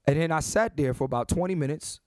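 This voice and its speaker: A man in his thirties hosting a comedic solo podcast, brash and animated, with lots of restarts and repetition. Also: fairly high pitch, fast, no echo, studio quality. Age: 30s. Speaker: podcast host.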